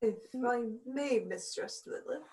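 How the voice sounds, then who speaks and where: A fey courtier who negotiates with measured, formal politeness, played by a woman at the gaming table. The voice is mellow and fairly high, and every line comes out slow and deliberate. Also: natural voice, rough recording. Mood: courteous.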